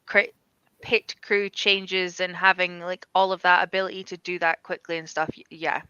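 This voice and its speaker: A young adult woman co-hosting a casual chat, talking in a halting, filler-heavy way. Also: on the low side, little pitch movement, sharp tone, clear, resonant tone, no room sound. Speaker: livestream co-host. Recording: dull, dry lo-fi audio.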